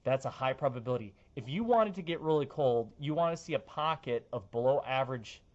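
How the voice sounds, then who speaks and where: A man's voice: medium pitch, lively intonation, fairly quick. Playful weatherman, dull audio. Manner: playful, jokey asides while walking through maps. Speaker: TV meteorologist. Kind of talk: casual weather forecast chat.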